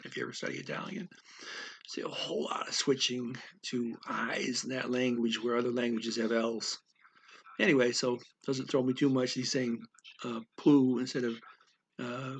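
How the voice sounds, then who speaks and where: A man thinking aloud as he explains a language lesson, halting often with fillers and restarts. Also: medium pitch, level tone, creaky, fairly bright tone, slight background noise. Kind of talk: casual spoken language lesson.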